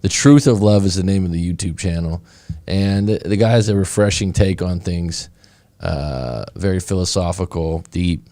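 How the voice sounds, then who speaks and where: A man talks on a casual live stream as a coach, loose and rambling, circling back with fillers and restarts. His voice sits low and mellow. The sound is close and dry, with almost no room around it. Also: moderate pace, no room sound. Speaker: breakup coach.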